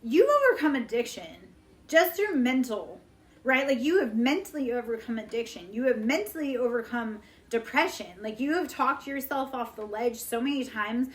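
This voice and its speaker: A woman's voice: a little high, animated, normal speed. A woman in her forties talking bluntly and profanely on a live stream, preachy and fired up. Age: 40s. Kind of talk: casual live-stream monologue.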